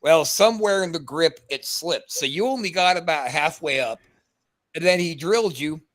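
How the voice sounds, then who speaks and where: A man's voice: a little high, moderate pace, a bit bright. A man, a podcast co-host, animatedly telling a wrestling story on a call and acting out the quotes, swearing freely. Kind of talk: casual storytelling on a video call.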